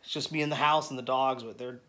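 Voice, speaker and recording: A man's voice: medium pitch, fairly even intonation, quick pace, sharp tone, poor audio. A middle-aged man from the United States, hosting an art tutorial from his home studio, talking casually with many restarts. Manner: rambling, self-correcting, chuckling. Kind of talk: casual talk to camera.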